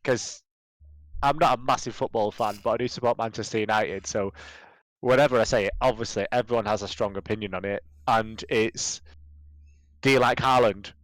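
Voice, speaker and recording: Young British male podcast co-host, relaxed storyteller, dry close mic. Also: lowish voice, fairly quick, no echo, poor audio. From Britain. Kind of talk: casual podcast chat.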